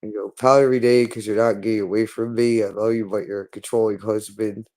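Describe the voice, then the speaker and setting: A man's voice: lowish voice, little pitch movement, fast, darkish tone. A man speaking in a hostile, repetitive monologue, berating someone and swearing constantly. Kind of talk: angry monologue.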